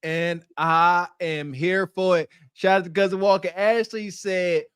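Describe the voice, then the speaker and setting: A man co-hosting a podcast, reacting to clips with animated, slangy hype. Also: high voice, unhurried, hardly any pauses, smooth, dry recording, studio quality. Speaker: podcast co-host. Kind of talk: casual podcast commentary.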